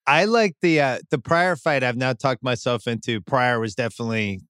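A man's voice: medium pitch, moderate pace, a bit bright, clean tone, no echo, studio quality. A man hosting a casual podcast interview, chatty and reminiscing. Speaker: podcast host.

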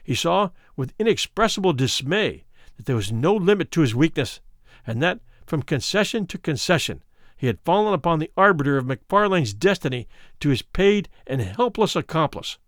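Expressive man narrating an old tale. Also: a little high, normal speed, dry recording, studio quality. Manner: expressive, dramatic storytelling. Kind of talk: audiobook narration of a classic story.

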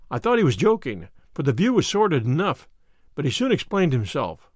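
A man narrating a classic detective story in an expressive, animated manner. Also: on the high side, fairly quick, dry recording, studio quality. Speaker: audiobook narrator.

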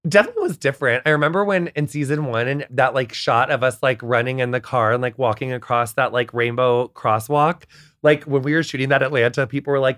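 An American man, a podcast guest, talks fast in a mid-range voice, recorded at studio quality with no room sound. In casual chat he tells animated, rambling stories packed with "like" and other fillers.

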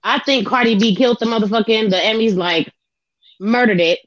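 A woman's voice: fairly high pitch, fairly quick, no room sound, muffled recording. A woman panelist in casual chat, blunt and gossipy.

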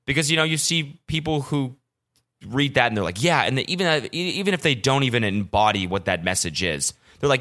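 A man's voice: medium pitch, very animated, fairly quick, pushed and bright. A young man hosting a podcast, ranting casually with profanity and self-mocking storytelling. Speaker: podcast host. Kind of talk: casual solo podcast rant.

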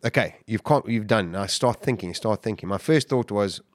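A middle-aged podcast guest tells a survival story intensely and vividly, acting out his own quotes in an animated way. His voice is on the low side at a moderate pace, recorded dry with clean studio sound.

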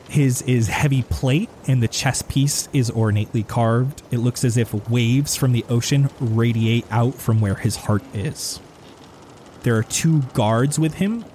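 A man running a tabletop game as game master, narrating in a steady, descriptive way. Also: mid-range voice, slight background noise.

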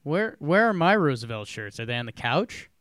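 A man with a slightly higher voice co-hosts a sports podcast and recaps games through a run of puns. He sounds wry and mock-earnest, recorded close and dry. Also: big pitch swings, normal speed, fairly bright tone, dry recording. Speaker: podcast co-host. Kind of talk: casual sports chat and game recap.

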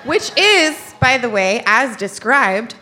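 A woman's voice: on the high side, sing-song, slow, noisy background. A young woman telling a comic personal story to an audience, chatty and full of "like", laughing as she goes. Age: young adult.

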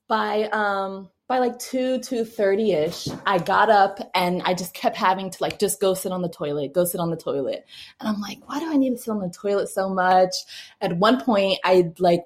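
A young adult woman telling a personal story casually, with frequent laughs, fillers and restarts. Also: on the low side. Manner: chatty, laughing often, many fillers and restarts. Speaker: mother telling her birth story.

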